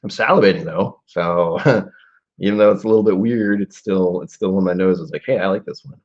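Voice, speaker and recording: A man in his forties with a low, husky voice chats casually on a live stream, thinking out loud and drifting into trailing asides. The stream audio is dull and lo-fi. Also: moderate pace. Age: 40s. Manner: musing aloud, rambling with trailing asides. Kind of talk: casual live-stream whiskey tasting chat.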